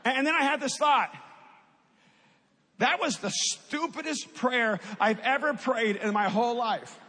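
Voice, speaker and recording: Man, middle-aged, very high husky voice, storytelling testimony, reverberant hall. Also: measured pace, sharp tone. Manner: storytelling, rising to impassioned at climaxes. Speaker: speaker giving a testimony. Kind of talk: personal testimony talk.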